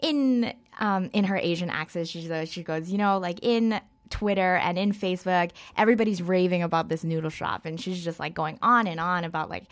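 Chatty woman guest, lowish voice. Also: a little fast, hardly any pauses. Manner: chatty, many fillers and hedges. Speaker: guest film reviewer. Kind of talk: casual interview chat.

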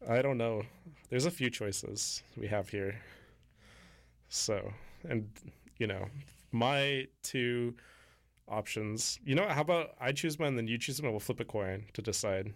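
A man co-hosting a casual podcast chat, making crude jokes and laughing often. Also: medium pitch. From Canada. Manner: crude joking, frequent laughter, drawn-out teasing. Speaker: podcast co-host.

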